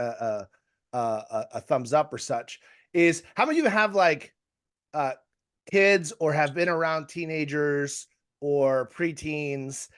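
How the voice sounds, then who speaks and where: Rambling, higher-pitched male coach speaking to a group on a video call. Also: a bit bright. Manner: rambling and conversational, with many restarts and fillers. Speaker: real estate coach. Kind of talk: live coaching talk to a group.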